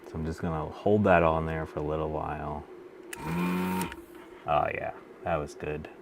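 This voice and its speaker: A man's voice: very deep voice, little pitch movement, normal speed, lo-fi sound, a little hiss or hum. A man casually chatting with his live-stream viewers while he solders a computer, often half under his breath. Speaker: streamer repairing vintage computers.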